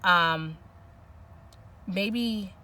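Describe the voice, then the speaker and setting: Soft-spoken woman giving a tarot reading. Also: lowish voice, drawn-out words, far from the mic. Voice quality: soft, emotional at times. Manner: musing, searching for words, many restarts and "like". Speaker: tarot reader. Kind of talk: intuitive tarot reading monologue.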